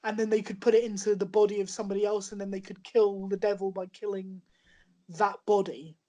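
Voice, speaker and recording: A woman's voice: mid-range voice, level tone, a little fast, dark tone, poor audio. A woman co-hosting a podcast, chattily explaining a plot and laughing between lines. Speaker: podcast co-host. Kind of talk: casual chat.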